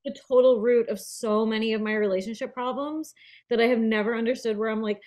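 A woman chatting casually as a podcast co-host, blunt and animated, swearing freely as she talks. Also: a little high, a little fast. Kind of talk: casual chat.

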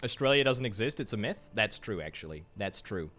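Soft background music accompanies a man from Scotland whose fairly low voice is animated and a bit bright. He's gaming on stream, chatting easily and joking back at viewer comments in a Scottish accent.

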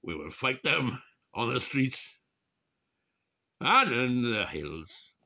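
A man impersonating a wartime leader giving a slow, grand, defiant rallying speech. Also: medium pitch, very animated, pushed and bright, voice pushed up, exaggerated voice.

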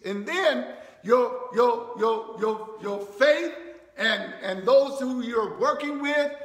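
A man delivers a sermon with a slow, deliberate pace and a strikingly high, bright, gravelly voice. He stammers and repeats phrases, then climbs into shouted emphasis. The sound rings with long reverb, as in a large church hall. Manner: repetitive, stammering restarts, rising to shouts. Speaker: pastor.

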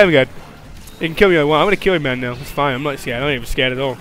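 A young man giving live gameplay commentary, rambling and joking at the monster, swinging from low mutters to panicked yelps and laughs. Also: fast talker. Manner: excitable, yelping and laughing, swings from mutters to shrieks.

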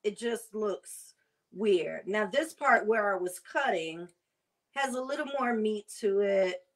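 A woman food vlogger chatting casually while she prepares and tastes seafood, savoring and drawn-out in her talk. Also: medium pitch. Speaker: cooking vlogger. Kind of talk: casual chat while cooking.

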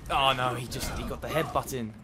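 A young man reacting out loud while playing a game with a teammate. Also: medium pitch, brisk, music in the background. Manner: lively, reacting out loud to the fight. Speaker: co-op gamer. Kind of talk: casual gaming chat. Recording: loud noisy game capture audio. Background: loud game sound and noise.

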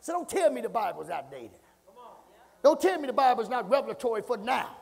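A man preaching an impassioned sermon, swinging from low murmurs to shouts, repeating phrases and calling out to the congregation. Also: sing-song, fairly quick, vocal fry. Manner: call-and-response, repeats phrases. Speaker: pastor. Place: church sanctuary. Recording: reverberant church hall.

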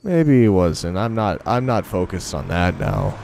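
Gravelly low-voiced man swearing through gameplay. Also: animated, unhurried, hardly any pauses, noisy background. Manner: profane, rambling, self-mocking. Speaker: gaming video host. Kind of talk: casual game commentary.

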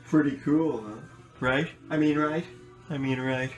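A man's voice: a little high, steady tone, measured pace, muffled recording, soft background music. A young man who is an artist, talking in a casual, slangy way with rhetorical questions. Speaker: artist and protester. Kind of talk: casual film dialogue.

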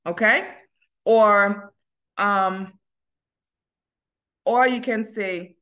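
A woman with a Haitian accent teaching an English class online, slowing down to model simple phrases. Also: medium pitch, a bit bright. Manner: switches between Haitian Creole and English, slows down to model phrases. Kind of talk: online language lesson.

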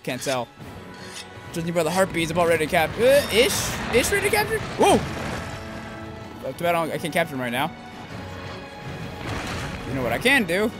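A man giving let's-play commentary while playing, swearing often and swinging from low grumbling to high yelps. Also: wildly swooping pitch, a little fast, long pauses. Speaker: gameplay commentator. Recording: game music loud behind voice.

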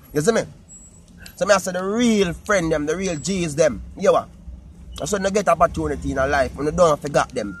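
A man with a Jamaican accent talking casually to his viewers in patois, animated and repetitive. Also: sits high, slight background noise. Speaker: vlogger. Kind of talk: casual talk to camera.

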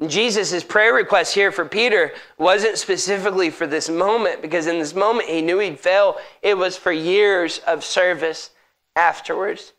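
A pastor preaching a sermon in church, emphatic and asking the congregation direct questions. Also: male voice, high voice, normal speed, a bit bright.

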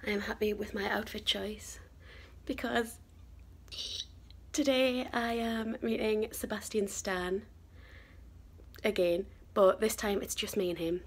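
A young woman vlogging to camera, excited and emotional, hesitant and full of fillers. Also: medium pitch, slow, slightly rough. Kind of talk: casual vlog talk to camera. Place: convention arena and outdoors nearby.

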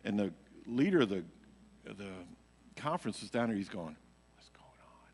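Low-voiced man telling a church testimony. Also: very animated, normal speed, darkish tone, slightly rough. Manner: rambling storytelling, heavy on fillers. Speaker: worship leader speaking at church. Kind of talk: casual personal testimony to a congregation. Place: church sanctuary. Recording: live church stream with long hall reverb.

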